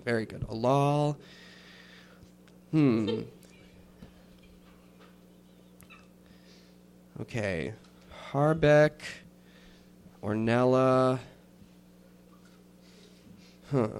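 A man's voice: mid-range voice, vocal fry, slight background noise. A man voicing a very short, officious gnome woman who works as a clerk, talking in a businesslike way and muttering while she looks things up.

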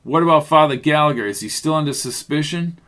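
Guy narrating a mystery radio drama, bit high voice, steady storyteller. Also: a little fast.

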